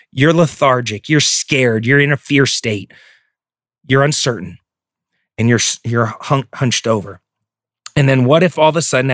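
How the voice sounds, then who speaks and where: A man's voice: on the high side, fairly bright tone, dry recording, clean studio sound. A man giving a profane, emphatic motivational talk as a real estate coach. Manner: intense, profane, emphatic delivery.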